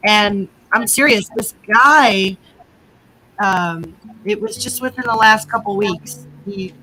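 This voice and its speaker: A woman's voice: medium pitch, sharp tone, a little hiss or hum, low-quality recording. A woman chatting casually with friends in a group talk, blunt and joking, laughing often.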